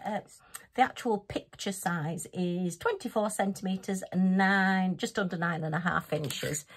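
A woman hosting a craft channel, chatting through a casual unboxing review, giggly and poking fun at herself. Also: medium pitch. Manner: chatty, giggly and self-mocking.

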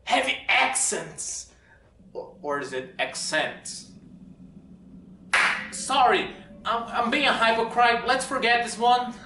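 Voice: mid-range voice, takes it slowly, long pauses, background noise. A movie reviewer talking through a film with sarcastic commentary. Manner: sarcastic, animated.

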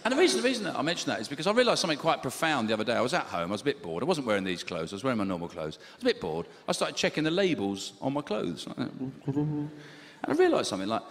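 English man, middle-aged, stand-up comedian, deadpan and wry, animated pitch, live hall. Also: very fast, few pauses. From England. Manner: deadpan and wry, with lively swings in delivery. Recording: live hall with reverb and ambient noise.

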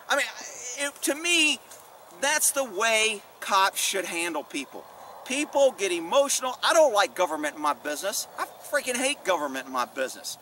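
A middle-aged man tells old police stories in a loose, rambling, profane way, swearing freely. His voice sits high and bright. The mic is some distance from him, with faint background noise behind. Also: big pitch swings, moderate pace. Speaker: former police officer telling stories. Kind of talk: casual storytelling vlog.

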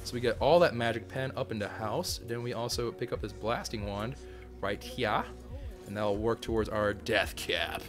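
A male channel host gives casual, goofy commentary on his own gameplay at a moderate pace, often bursting into sudden high yelps and shouts. Music plays in the background.

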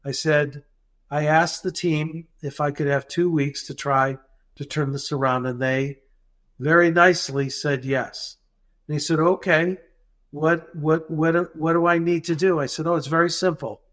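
A man's voice: a little high, measured pace. A man, a dental practice consultant, retelling an anecdote in a podcast interview and acting out the dialogue as he goes. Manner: animated, acts out dialogue in the retelling.

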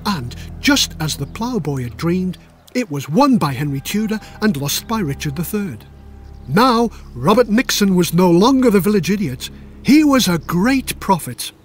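An older man reading his own children's history book aloud in a playful, dramatic storytelling manner. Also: high-pitched. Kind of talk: audiobook narration for children.

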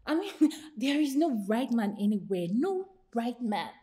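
An actress playing a blunt young daughter who rejects marriage. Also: female voice, lowish voice, animated, brisk, warm tone. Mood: dismissive. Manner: blunt, dismissive.

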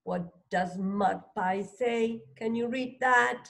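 Slow, gravelly woman reading to a child. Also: on the high side, fairly bright tone. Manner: asks questions, praises, sounds out words. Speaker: teacher reading a phonics book. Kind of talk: slow read-aloud lesson for a child.

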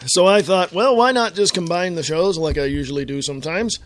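A man hosting his own talk radio show, chatting in a rambling, casual way and clearing his throat often. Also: on the high side, brisk, a bit bright.

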